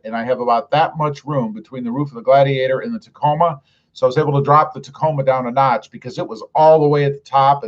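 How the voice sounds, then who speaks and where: A man's voice: on the high side, muffled recording. A middle-aged man hosting a casual live stream, reading viewer comments aloud in a friendly, upbeat way.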